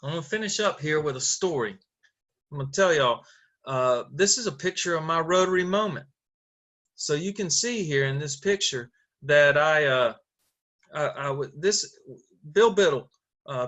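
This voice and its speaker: A middle-aged man speaks over a video call with a bright, forceful voice pitched a little high. He tells his story earnestly, stumbling through fillers and restarts. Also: moderate pace. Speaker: Rotary district governor.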